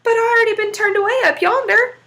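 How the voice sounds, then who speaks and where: Sly, drawling old trickster man, woman narrator, high-voiced. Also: steady tone, fast talker, creaky, pushed and bright, heavily acted. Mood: protesting.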